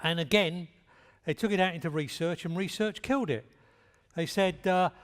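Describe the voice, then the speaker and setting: An older man giving a talk in a plain, direct storytelling manner. His voice sits a little high for a man. The sound rings with the long reverb of a large hall. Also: normal speed, a bit bright. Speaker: speaker at a talk. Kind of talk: anecdotal lecture.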